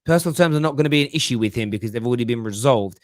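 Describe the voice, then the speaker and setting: Guy hosting football chat, rambly and animated, dry close sound. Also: mid-range voice, racing, dry recording. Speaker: podcast host.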